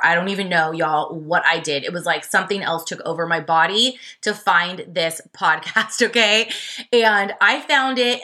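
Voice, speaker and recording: Young woman, solo podcast host; bright tone, chatty and expressive, talks straight to listeners. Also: on the low side. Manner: chatty and expressive, filler-heavy, addresses listeners as y'all. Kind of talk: casual solo podcast storytelling.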